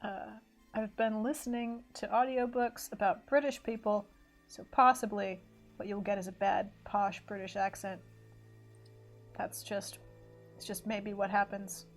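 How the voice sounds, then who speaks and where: Drawing live on stream, a woman rambles casually, corrects herself, and drifts into mock race commentary. She speaks at a normal speed with a medium pitch and level tone, over faint background music.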